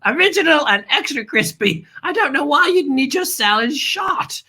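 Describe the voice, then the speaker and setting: A woman's voice: sits high, lively intonation, normal speed, bright, forceful tone. A woman hosting a family show in a theatrical way. She stumbles into restarts and keeps calling people darling. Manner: dramatic, stammering restarts, calls listeners darling. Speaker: host.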